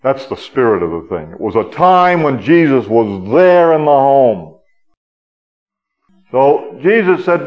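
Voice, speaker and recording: A man delivers a sermon in an earnest teaching manner and often hesitates with fillers. His voice sits at a middle pitch for a man. The recording is dull and lo-fi. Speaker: preacher.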